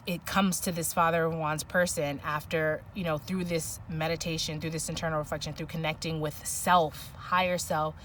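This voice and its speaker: Soft-spoken woman giving a tarot reading. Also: deep voice, far from the mic, a little hiss or hum. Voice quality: soft, emotional at times. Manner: musing, searching for words, many restarts and "like". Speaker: tarot reader. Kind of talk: intuitive tarot reading monologue.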